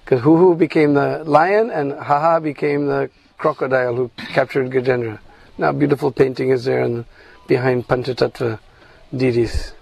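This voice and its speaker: A man telling a devotional story slowly, checking in with his listeners with "hmm?" between phrases. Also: fairly high pitch, gravelly, darkish tone, no echo, poor audio.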